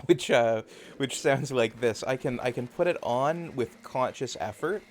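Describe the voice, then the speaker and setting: A man's voice: mid-range voice, unhurried, slight background noise. A man with a Canadian accent, hosting a live game stream from home and chatting casually while he plays, rambling with lots of fillers. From rural Canada. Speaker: streamer host. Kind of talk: casual chat while gaming.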